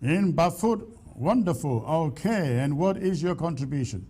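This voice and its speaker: A man hosting a call-in show, speaking deliberately and repeating his words as he takes callers. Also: fairly high pitch, lively intonation, background noise. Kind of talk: call-in radio talk.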